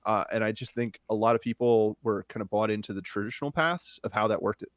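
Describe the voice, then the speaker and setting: Low-voiced man, dry close sound. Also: quick pace, dry recording. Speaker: podcast guest. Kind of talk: casual podcast conversation.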